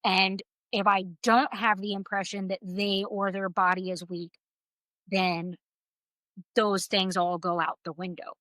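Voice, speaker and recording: A woman co-hosting a book podcast in casual chat, an animated storyteller who swears freely. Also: mid-range voice, measured pace, no room sound, low-quality recording. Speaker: podcast co-host.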